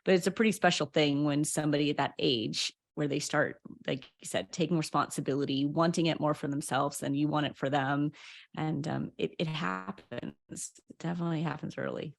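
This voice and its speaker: A woman's voice: sits low, fairly even intonation, fairly quick, gravelly. A woman coach and author, a guest on a podcast, speaking openly and candidly with many "you know"s and "like"s. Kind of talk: conversational interview.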